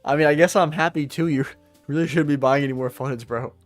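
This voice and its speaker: A young man with a fairly high, steady voice hosts a trading livestream as a day trader, reading viewer comments aloud. He's loose and joking, full of slang, and reacts to chat with quick laughs. Faint music plays behind him.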